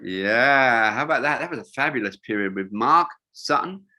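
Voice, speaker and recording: A man's voice: medium pitch, lively intonation, normal speed, sharp tone. An older man, a wingsuit designer, telling rambling stories in a casual interview, with lots of fillers and restarts.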